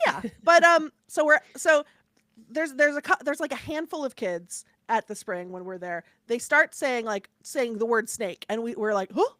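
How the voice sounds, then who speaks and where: A woman's voice: fairly high pitch, normal speed, no room sound. Chatty woman telling a story. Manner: chatty, animated storyteller with many fillers. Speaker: podcast co-host. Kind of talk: casual chat, storytelling.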